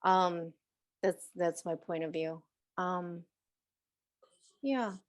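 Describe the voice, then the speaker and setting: A woman's voice: fairly low pitch, very slow. A middle-aged woman hosting a show about animal messages, talking casually, laughing often and slipping into playful voices. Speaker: animal communicator host. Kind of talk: casual chat.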